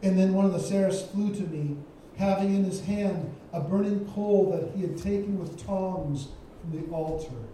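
A man's voice: high voice, normal speed, few pauses, dark tone, slight background noise. A man preaching a sermon as a guest speaker, emphatic, repeating his key phrases for weight. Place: church sanctuary. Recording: echoey church from far off.

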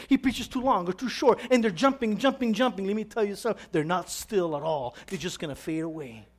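Male pastor, high voice, sermon delivery, plays out his listeners' complaints. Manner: animated preaching with acted questions and rising emphasis.

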